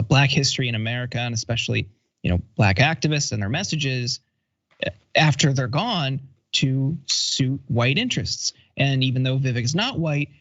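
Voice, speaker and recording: A man speaks as a guest on a political talk show, earnest and measured, stumbling slightly as he starts his points. His voice sits in a middle register. The audio sounds dull and lo-fi. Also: mid-range voice, fairly bright tone. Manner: measured, earnest, with small restarts. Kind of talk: political commentary.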